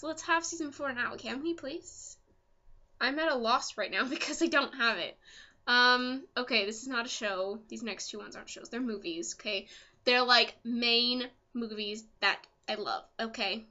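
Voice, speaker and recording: A young woman vlogger chatting casually as an excitable fan, full of ums and asides. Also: a little high, dull audio. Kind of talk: casual chat.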